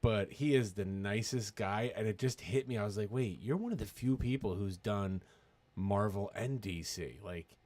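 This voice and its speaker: A man co-hosting a podcast, talking casually in a blunt, excitable way with lots of swearing. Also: fairly low pitch, moderate pace, dry recording. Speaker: podcast co-host, actor. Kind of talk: casual chat.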